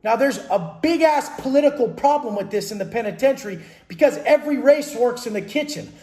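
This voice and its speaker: Brief: high-pitched male coach, aggressive profane monologue, roomy echoey space. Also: expressive, a little fast, darkish tone. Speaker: fitness and mindset coach. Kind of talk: blunt profane monologue about prison life. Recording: roomy echo.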